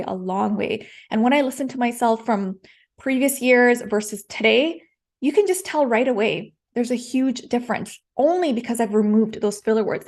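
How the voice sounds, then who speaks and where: A woman's voice: fairly high pitch, a little mellow. A woman coaching public speaking in a live-streamed lesson, direct and encouraging, repeating her key points.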